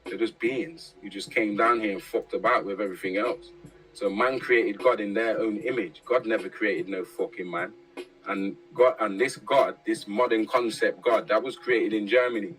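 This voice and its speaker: A man's voice: fairly low pitch, steady tone, moderate pace, fairly bright tone, soft background music, low-quality recording. A man giving a casual, profane monologue full of street slang, tagging his points with "yeah?". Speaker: commentator.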